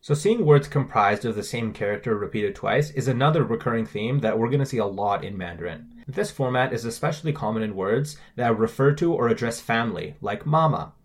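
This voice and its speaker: A man co-hosting a scripted language-lesson podcast, carefully explaining pronunciation and tones. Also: medium pitch. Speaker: podcast co-host.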